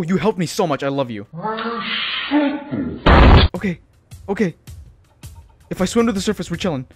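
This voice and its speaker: A man's voice: high-pitched, expressive, normal speed, long pauses, a little mellow, faint music behind. A man giving jittery let's-play commentary, swearing often and calling everyone dude and bro. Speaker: gaming channel host.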